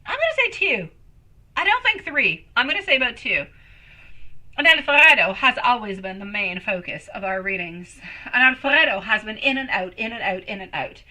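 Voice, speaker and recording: Bright-voiced woman reading tarot live. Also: on the high side, normal speed, rough recording. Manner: affectionate, calls viewers sweetie and my love; emotive, swings between excited and soft. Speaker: tarot reader.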